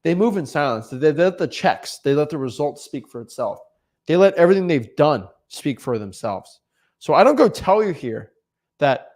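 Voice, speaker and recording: A young man giving casual motivational advice as a real estate coach, animated, often repeating and restarting words. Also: fairly high pitch, fairly quick. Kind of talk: casual motivational vlog talk.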